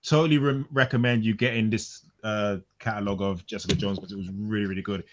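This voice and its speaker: Lowish-voiced man, rambling. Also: fast talker. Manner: rambling, animated retelling with restarts. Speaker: co-host of a comic podcast. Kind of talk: casual chat.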